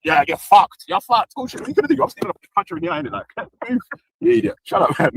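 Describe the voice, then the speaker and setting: Host brit guy, mocking, swears a lot, lively up-and-down pitch, dry close sound. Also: very fast, vocal fry, breathy edge, no echo, poor audio. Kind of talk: heated casual commentary.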